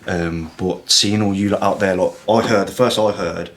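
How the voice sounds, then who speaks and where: Young guy, deep voice, rambly and sweary, lots of like and you know. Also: steady tone, normal speed. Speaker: podcast guest. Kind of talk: emotional casual chat.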